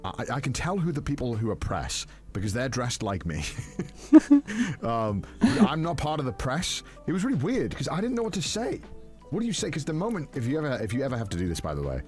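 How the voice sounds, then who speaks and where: A man's voice: mid-range voice, big pitch swings, brisk, faint music behind. A man, a YouTuber telling a rambling story in casual chat, full of fillers and restarts. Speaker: YouTuber host.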